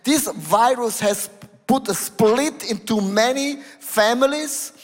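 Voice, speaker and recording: A high-pitched man preaching from the stage, his voice ringing with the long reverb of a church hall. He swings between hushed, low passages and sharp, loud outbursts. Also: slow. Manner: emphatic, switching between lowered tones and raised exclamations. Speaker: pastor. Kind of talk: sermon.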